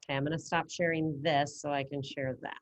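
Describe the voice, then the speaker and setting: A woman's voice: deep voice, level tone, fairly quick. A woman teaching a Spanish class over a video call, casual and encouraging as she talks students through each step. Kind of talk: online class instruction.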